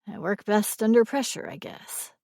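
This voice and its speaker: A woman voicing a weary young father who talks to a small child quietly and patiently. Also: mid-range voice, animated, normal speed, no echo, studio quality, natural voice. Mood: wry.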